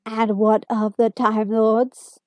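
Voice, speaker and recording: A raspy, metallic alien war machine, put on by a woman reading a story aloud. It barks its words slowly and flatly, with a mellow, dry close sound. A cold, commanding storybook monster. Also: on the high side, no room sound. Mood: menacing. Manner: slow, flat, commanding.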